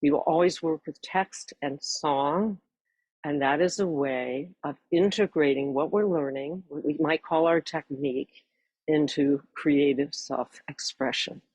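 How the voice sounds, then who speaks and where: A woman in her sixties, a voice teacher, earnestly introducing her course at a measured pace with warm emphasis. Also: sits low, no room sound, low-quality recording.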